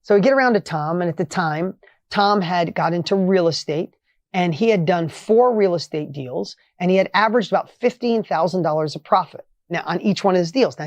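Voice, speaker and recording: A middle-aged man telling a motivational story with energy and emphasis, his voice rising when excited. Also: high voice, no room sound. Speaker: motivational speaker.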